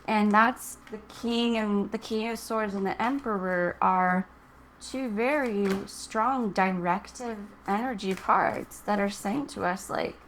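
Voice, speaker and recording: A woman's voice: medium pitch, slow pace, slight background noise. A woman giving a casual, encouraging tarot reading to camera, chatting and thinking aloud as she goes. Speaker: tarot reader.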